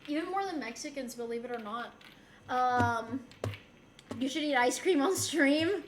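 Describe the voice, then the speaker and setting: A woman's voice: high-pitched, expressive, unhurried. A woman from Rico, chatting casually with her stream viewers and laughing often as she switches between English and Spanish. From Puerto Rico. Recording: roomy with faint background noise.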